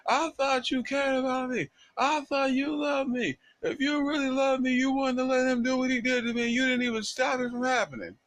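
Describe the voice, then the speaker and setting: Man playing a betrayed, enraged wife. High, accusing and yelling. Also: normal speed, hardly any pauses, no echo. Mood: shrill anguish. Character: furious betrayed enslaved wife, shrill.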